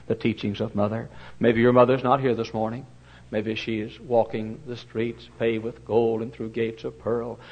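Give me a folksy preacher telling stories from the pulpit. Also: male voice, mid-range voice, normal speed, muffled recording. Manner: folksy, animated, with fillers and sudden loud bursts. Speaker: pastor. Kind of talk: storytelling sermon.

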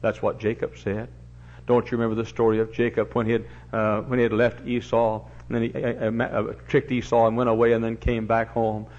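A man preaching a sermon as pastor, in a folksy, animated storytelling manner, in a church. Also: medium pitch, fairly quick. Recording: dull lo-fi recording.

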